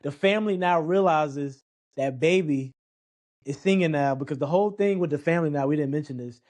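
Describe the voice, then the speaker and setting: A man's voice: on the high side, brisk. A man co-hosting a casual film review chat, telling stories animatedly and acting out lines. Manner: animated storyteller, recounts scenes and mimics lines. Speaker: podcast co-host reviewing a film.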